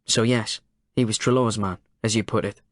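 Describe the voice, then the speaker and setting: A man playing a deadpan detective chief inspector. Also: fairly low pitch, moderate pace, no echo, studio quality, natural voice. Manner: deadpan, blunt. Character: cool, calculating male detective chief inspector. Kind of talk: audiobook character voice.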